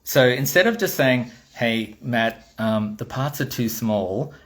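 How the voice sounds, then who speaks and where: Australian man, middle-aged, blunt and sweary, casual storytelling monologue, mid-pitched voice. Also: slow pace. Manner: blunt and swearing, animated retelling with quoted dialogue. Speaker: toy designer.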